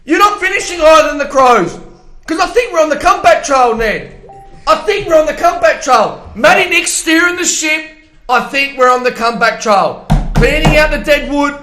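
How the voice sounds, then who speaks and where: A man co-hosting a sports podcast, ranting and shouting when worked up. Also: very high voice, animated, moderate pace. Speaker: podcast co-host. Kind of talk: sports banter.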